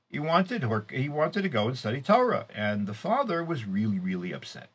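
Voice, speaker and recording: His mid-range voice is very animated and slightly rough as he teaches a weekly Torah class off the cuff. The middle-aged man, who lives in Israel, halts and restarts often, uses fillers, and surges with sudden emphasis.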